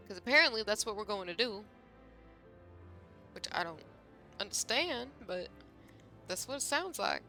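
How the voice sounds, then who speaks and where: A woman's voice: medium pitch, expressive, normal speed, pauses often, sharp tone, faint music behind. A young woman streaming a game, chatting casually in a rambling way full of fillers. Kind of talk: casual gameplay chat.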